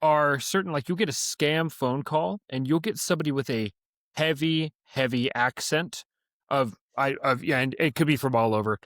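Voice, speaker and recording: A man's voice: mid-range voice, moderate pace, fairly bright tone, no echo, clean studio sound. A young man co-hosting a podcast in casual chat, telling stories and acting out the voices he quotes. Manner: storytelling, acts out quoted voices. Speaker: podcast co-host.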